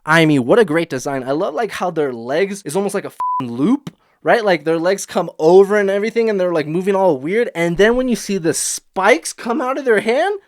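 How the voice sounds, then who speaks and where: A man giving a casual, excitable horror movie review, swearing freely with bleeped words and acting out his own shocked reactions. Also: high-pitched, moderate pace, no echo, clean studio sound.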